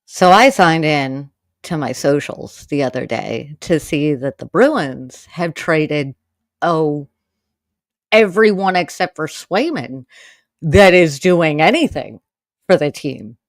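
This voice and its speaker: A woman from Maine hosts her own podcast in a loose, rambling chat, speaking directly to the listener and turning heated and exasperated when she rants. Her voice sits fairly low and moves at an unhurried, drawn-out pace. The recording is dry and close, with no room sound around it. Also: expressive, no echo. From Maine, USA. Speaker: podcast host. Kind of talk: casual solo podcast chat.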